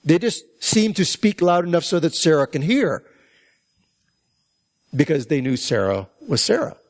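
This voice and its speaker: A man's voice: on the high side, very animated, measured pace. A man preaching a conversational Bible-teaching sermon, reading verses and asking the listeners questions. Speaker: pastor.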